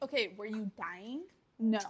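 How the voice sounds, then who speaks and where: A woman's voice: a little high, measured pace, breathy edge. A young woman co-hosting a podcast who teases and mocks her brother in casual sibling banter. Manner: teasing, mocking, sarcastic. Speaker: podcast co-host.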